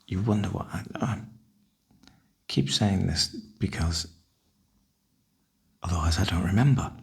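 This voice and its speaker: An older man, softly half-whispering a wry, chatty ASMR ramble. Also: sits low, lively intonation, measured pace, creaky, husky. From northern UK. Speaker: ASMR host.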